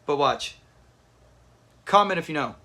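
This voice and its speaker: A man's voice: a little high, expressive, unhurried, pushed and bright. A man hosting a live watch party, chatting casually with viewers and thanking them by name. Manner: chatty, reads out viewer names, restarts often.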